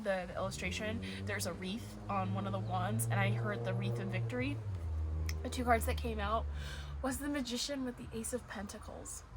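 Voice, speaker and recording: A woman reading tarot cards in a casual, gushing way, often close to tears. Her voice sits at an ordinary middle pitch. Dogs bark clearly behind her. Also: noisy background. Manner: emotional, gushing, near tears. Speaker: tarot reader. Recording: dogs barking in the background. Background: dogs barking.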